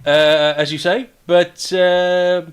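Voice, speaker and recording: Male game master, slightly raised pitch, relaxed and hesitant narration. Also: takes it slowly, clear, resonant tone.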